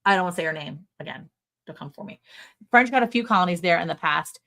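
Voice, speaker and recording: A woman hosting a casual livestream chat, telling stories in a chatty, animated way and laughing often. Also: on the low side, fast talker, creaky. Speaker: livestream host.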